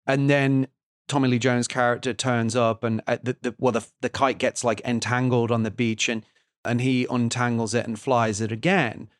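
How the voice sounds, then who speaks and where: A man's voice: mid-range voice, flat delivery, moderate pace, no room sound, clean studio sound. A man co-hosting a film podcast, talking analytically with frequent restarts and fillers. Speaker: podcast co-host. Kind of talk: casual film-review chat.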